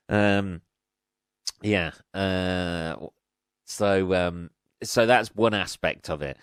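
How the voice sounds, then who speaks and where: A man hosts a solo podcast, ranting casually with plenty of swearing and sarcasm and laughing at his own jokes. He speaks slowly in a lowish, fairly bright, clean voice, recorded in a studio with no echo.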